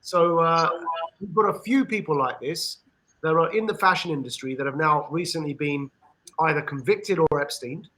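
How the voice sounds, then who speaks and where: A man with an English accent giving an earnest discussion monologue on a podcast, with frequent pauses and restarts. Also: a little high, bright, forceful tone, poor audio. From England. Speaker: podcast panelist.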